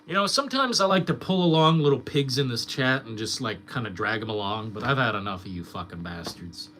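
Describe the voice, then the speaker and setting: A man's voice: mid-range voice, expressive, fairly quick, bright, forceful tone, a little hiss or hum. A young man streamer ranting in casual chat, swearing a lot and mocking his critics.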